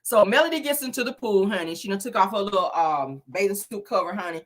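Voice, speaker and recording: A woman's voice: mid-range voice, expressive, quick pace. A woman casually recapping a reality show, sassy and gossipy, sprinkling in "honey" and "child.".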